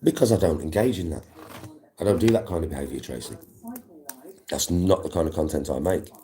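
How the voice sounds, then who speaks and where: A man's voice: a bass voice, lively intonation, fairly quick, dark tone. A man, a livestream host, ranting at live viewers in an aggressive, defiant, swearing way.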